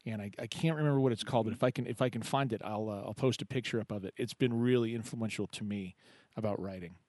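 A man hosts a live poetry open mic in a chatty, halting way, stopping and restarting his sentences. His voice sits at an ordinary pitch and is recorded close and dry. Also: darkish tone, no echo. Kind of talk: casual live show hosting.

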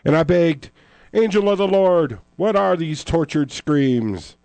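A booming, theatrical preacher with a vision, as a man puts him on. The voice swings wildly in pitch and rides up into high, ringing cries. The sound is dry and close. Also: lively intonation, takes it slowly, gravelly, darkish tone, no echo, heavily acted. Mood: ranting. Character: man possessed by a vision, ranting fire-and-brimstone preacher.

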